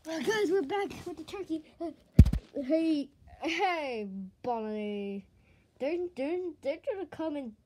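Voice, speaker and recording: A woman performing a playful toy skit, excitably switching between character voices. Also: high voice, takes it slowly, background noise.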